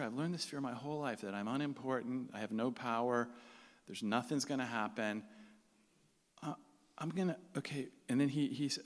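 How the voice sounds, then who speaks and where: A man with a fairly high, slightly bright voice tells a story to a live audience at a normal speed, expressive and conversational. He acts out what the people in the story said, and the sound carries the echo of a reverberant hall.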